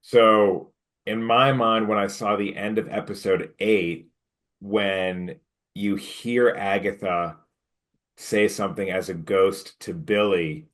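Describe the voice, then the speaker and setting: A man co-hosting a casual podcast, with a lowish voice that jumps up excitedly when he retells his own reactions. He talks informally and swears freely. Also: slow pace. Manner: animated retelling, pitch jumps when quoting himself. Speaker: podcast co-host. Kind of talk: casual chat.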